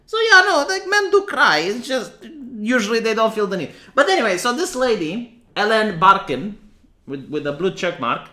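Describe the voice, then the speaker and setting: A man's voice: sits high, sing-song, normal speed, sharp tone. A man with a Romanian accent giving opinionated, sarcastic livestream commentary, often restarting his sentences. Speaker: streamer.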